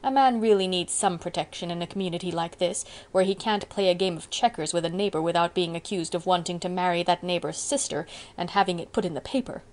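A woman's voice: on the low side, fast, hardly any pauses, a little mellow, close to an everyday voice. A woman voicing a grumbling, sheepish older male farmer in an audiobook, talking in a rueful, folksy way.

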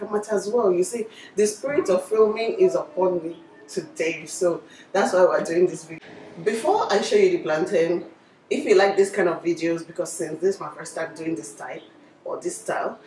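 A woman's voice: fairly low pitch, darkish tone, echoey room, recorded from a distance, slight background noise, low-quality recording. A young Nigerian woman chatting casually as a cooking vlogger, laughing easily as she talks. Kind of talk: casual vlog chat. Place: home kitchen.

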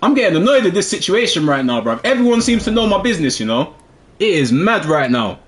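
Young man, gameplay commentary, trash talk, lively swooping pitch, fairly high voice, faint background noise. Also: fast. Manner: excitable, trash-talking, with sudden drops to muttering. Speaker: gaming video host.

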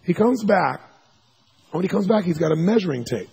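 A man giving a seminar talk, telling stories in an animated way and acting out the people he quotes, sometimes with sudden loud shouts. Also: high voice, normal speed, creaky, husky. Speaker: seminar speaker. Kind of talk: storytelling lecture.

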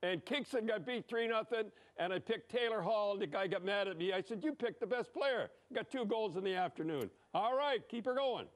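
Older man, high-pitched, blunt and rambling hockey commentator. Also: lively intonation, fairly quick, hardly any pauses. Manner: blunt, emphatic, rambling, with frequent "eh?". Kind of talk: excited hockey commentary over replays.

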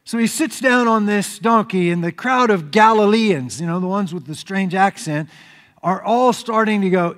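A man preaching a sermon as pastor, telling the story in an animated way. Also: sits high, moderate pace. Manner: animated storytelling preacher, acts out crowd shouts. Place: church sanctuary. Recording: reverberant church hall.

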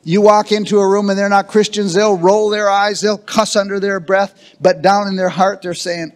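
A man's voice: high voice, flat delivery, normal speed, few pauses, clean tone. A man preaching a sermon as pastor, emphatic and calling for answers from the congregation. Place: church sanctuary.

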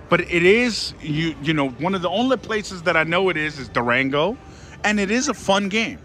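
A man playing slots on a casino floor, giving excitable running commentary and calling out to his viewers and his mom. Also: high voice, normal speed. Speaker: casino slot vlogger. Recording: casino floor with loud music. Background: slot machine music.

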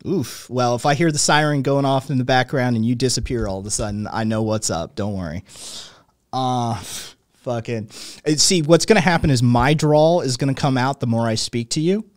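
A man in his late thirties hosts a conversation. He speaks at a medium pitch in long, winding sentences full of fillers. His voice sounds dry and close to the mic. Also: moderate pace, dry recording. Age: late 30s. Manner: talkative, wordy, many fillers and restarts. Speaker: podcast host. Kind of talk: conversational interview.

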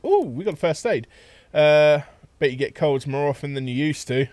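A man's voice: a little high, expressive, moderate pace, a little mellow, no room sound. A man playing a video game, casually commenting and reading his dialogue choices aloud. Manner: reads dialogue choices aloud, laughs at the characters. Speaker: let's play host.

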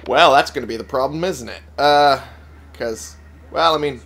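A man's voice: medium pitch, normal speed, creaky, a bit bright, a little hiss or hum. A young man with a Texas accent doing casual, sarcastic, profane gameplay commentary. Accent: Texan. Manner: profane, sarcastic, frequent fillers. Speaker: let's play streamer.

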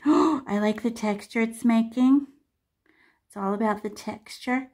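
A woman's voice: on the high side, a little slow, a little mellow. A woman art teacher leading a live painting class over a video call, chatty and chanting repeated words as she paints.

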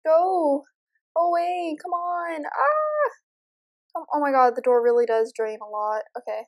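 A woman's voice: high voice, fairly even intonation, moderate pace, darkish tone. A young woman nervously commenting as she plays a horror game, chatting to her viewers. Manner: nervous, jumpy, talks to viewers. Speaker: gamer.

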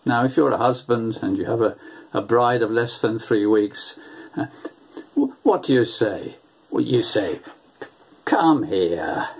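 A man's voice: medium pitch, lively intonation, normal speed, breathy edge. An older man preaching a sermon, telling stories in an earnest way and often repeating his words.

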